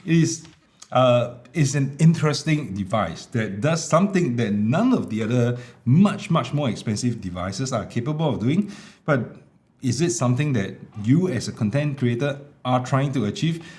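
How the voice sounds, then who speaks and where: A tech reviewer, male and medium-pitched, speaks at an ordinary speed while demoing a small wireless mic in his home. The explanation is laid-back, with lots of fillers. It's a product demo vlog recorded via a small wireless clip mic, with an air conditioner in the room.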